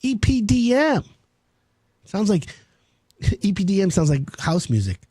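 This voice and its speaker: Male radio host, high husky voice, brash sales patter, dry close mic. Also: big pitch swings, a little slow, dark tone, dry recording. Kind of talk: home improvement radio talk.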